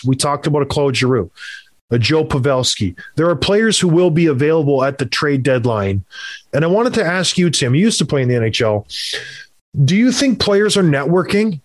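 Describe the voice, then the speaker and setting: A man hosting a casual sports podcast, opinionated and rambling, with quick asides. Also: a little high, no echo. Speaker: podcast host.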